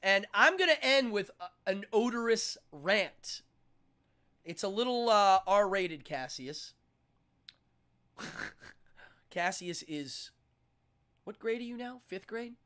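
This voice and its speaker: A man's voice: sits high, animated, slow, long pauses, pushed and bright. A man hosting a live show, chatting casually in an upbeat, rambling way and laughing easily. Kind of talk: casual live-stream chat.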